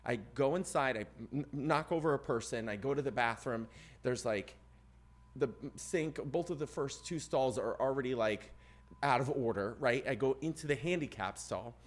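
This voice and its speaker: A man's voice: mid-range voice, normal speed. A man co-hosting a podcast, telling a long personal story in casual chat and acting out the other people in it. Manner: animated, voices other people and gets loud at the climax. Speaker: podcast co-host.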